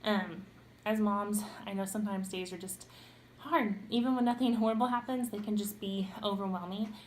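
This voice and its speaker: Chatty young mom vlogger. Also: female voice, medium pitch, normal speed, darkish tone, a little hiss or hum. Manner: chatty, with frequent ums and self-corrections. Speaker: parenting vlogger. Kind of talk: casual talk to camera.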